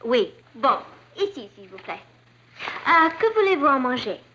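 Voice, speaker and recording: A woman's voice: sits high, very animated, normal speed, bright, forceful tone, exaggerated voice. An actress playing a bubbly, chatty teenage girl in a 1960s sitcom. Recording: dull old TV audio with music.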